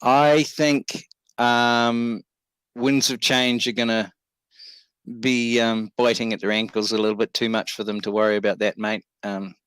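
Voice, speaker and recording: A laid-back man co-hosting a casual talk show, middle-pitched and unhurried. His voice is recorded close and dry, with no room echo. He reassures easily and leans on lots of ums and uhs. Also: flat delivery, a bit bright, clean tone.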